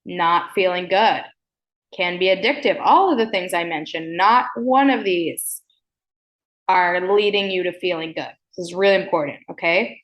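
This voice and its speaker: A woman hosting a self-help podcast, talking deliberately slowly and emphatically, frank and playful, often checking in with "okay?" and swearing casually. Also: on the low side, dull audio. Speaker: podcast host.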